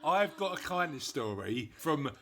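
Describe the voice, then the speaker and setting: A man's voice: on the high side, big pitch swings, unhurried, a crowd in the background. A man co-hosting a casual podcast, chatty and jokey as he explains how the show works. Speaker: podcast co-host.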